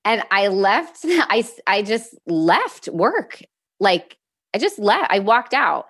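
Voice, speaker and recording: A woman's voice: medium pitch, sing-song, slow, fairly bright tone, husky. A young woman telling a painful personal story as a guest, candid and earnest, with many fillers and restarts. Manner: emotional at moments, with nervous laughs.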